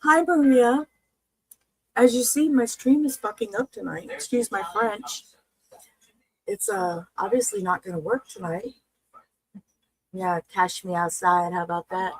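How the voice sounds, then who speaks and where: A woman's voice: on the high side, animated, a little slow, gravelly, long pauses, low-quality recording. A woman hosting a livestream in casual chat, talking in a chatty, frustrated way about her stream failing. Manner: chatty, frustrated, swearing and laughing. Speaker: livestream host reacting to body cam videos.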